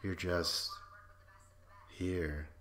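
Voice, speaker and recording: A man's voice: low voice, level tone, drawn-out words, fairly bright tone. A man hosting a podcast, giving casual, sarcastic commentary over a video and swearing freely. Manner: sarcastic, profane, frequent laughs.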